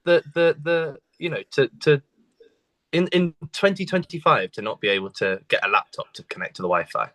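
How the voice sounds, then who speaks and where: A man on a video call as a podcast guest, rambling and self-deprecating with halting restarts. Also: a little high, expressive, fairly bright tone. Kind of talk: casual chat.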